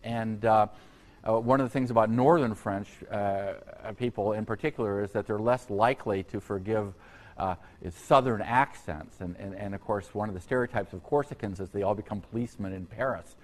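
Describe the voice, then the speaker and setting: Halting man giving a history lecture. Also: fairly low pitch, darkish tone. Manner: halting, full of uh and um fillers and restarts; digressive, conversational asides to students. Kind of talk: unscripted university lecture. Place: lecture hall.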